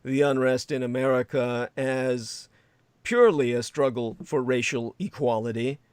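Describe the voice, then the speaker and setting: A man's voice: mid-range voice, fairly even intonation, unhurried, smooth, no echo. A man hosting a livestream, rambling in sarcastic commentary with frequent laughter and crude asides. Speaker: livestream host.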